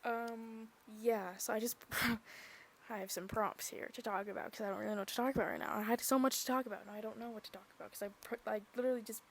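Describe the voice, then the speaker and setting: A woman's voice: fairly high pitch, fairly even intonation, fast talker, gravelly. A young woman chatting casually on her own podcast, rambling and gushing with many fillers, sometimes dropping to a whisper. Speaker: podcast vlogger. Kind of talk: casual chat.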